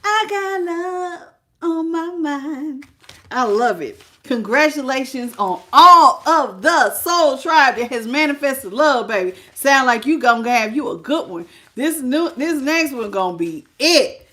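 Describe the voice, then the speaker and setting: A middle-aged woman hosts a live tarot reading, speaking in a high, bright voice. She is animated and exclamatory, laughs often, and greets her viewers by name as she draws the cards. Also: a little slow. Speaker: tarot reader.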